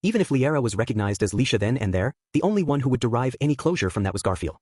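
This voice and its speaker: A man narrating an audiobook with a steady storytelling read. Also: medium pitch, racing, breathy edge, no echo, clean studio sound. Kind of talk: scripted narration.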